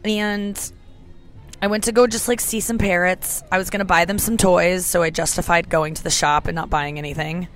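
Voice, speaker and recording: A woman's voice: fairly low pitch, steady tone, moderate pace. Chatty woman with a sore throat. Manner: chatty, candid and self-mocking, swears freely. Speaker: podcast host. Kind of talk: casual solo podcast. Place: airport departure gate. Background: music playing faintly.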